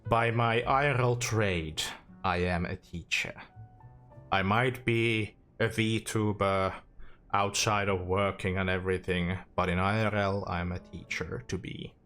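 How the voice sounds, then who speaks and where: A man's voice: sits low, fairly even intonation, a little slow, fairly bright tone, soft background music. A young man with a Finnish accent chatting casually on a game stream, self-deprecating and talkative. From Finland. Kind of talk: casual gaming stream chat.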